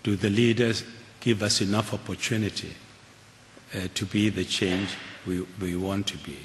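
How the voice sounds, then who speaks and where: An older man giving a keynote talk and answering audience questions, earnest and measured, with frequent restarts. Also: on the low side, fairly even intonation. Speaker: keynote speaker. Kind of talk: lecture and audience Q&A. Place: large auditorium. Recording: hall reverb with faint hiss.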